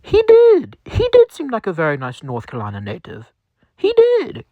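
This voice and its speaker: A man's voice: very high voice, huge pitch swings, moderate pace, dry recording, narrow, tinny audio, voice pushed up, full character voice. A man playing a flustered stammering company boss. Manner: stammering, apologetic. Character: flustered male company boss, sheepish and rambling.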